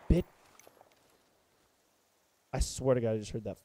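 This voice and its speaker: A young man giving excitable, profane gameplay commentary, breaking into yelps and shouts as he plays. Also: medium pitch, slow, long pauses, slight background noise. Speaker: gaming content creator.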